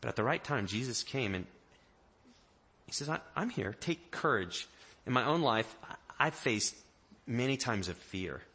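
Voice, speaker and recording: A man preaching a sermon in a conversational, animated way, acting out the story with quoted voices. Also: medium pitch, moderate pace, pauses often, husky. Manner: animated, acts out the disciples' panic in quoted voices; conversational, with restarts and small jokes. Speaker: pastor.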